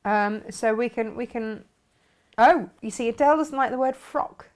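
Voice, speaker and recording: A woman hosts a casual craft live stream, chatting easily and breaking into giggles often. She reads out comments from viewers in a relaxed, friendly way. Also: fairly high pitch, normal speed. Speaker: craft show host.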